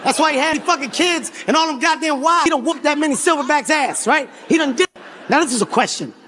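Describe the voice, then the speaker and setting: A man in his forties telling a profane stand-up story on a live stage, animated and often shouting. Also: extremely high pitch, brisk. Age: 40s. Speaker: stand-up comedian. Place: live comedy stage before a crowd.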